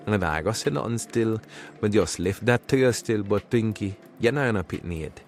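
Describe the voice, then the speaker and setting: Low-voiced jamaican cab driver, teasing, nosy, cartoon. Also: male voice, a little hiss or hum. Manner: teasing, drawn-out patois jabs. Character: wisecracking male cab driver, mocking and nosy. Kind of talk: animated cartoon dialogue.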